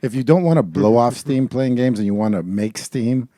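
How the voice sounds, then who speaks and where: A man's voice: mid-range voice, moderate pace, dark tone, no room sound, studio quality. A man co-hosting a casual gaming podcast, cracking jokes and swearing casually. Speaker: podcast co-host. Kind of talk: casual chat.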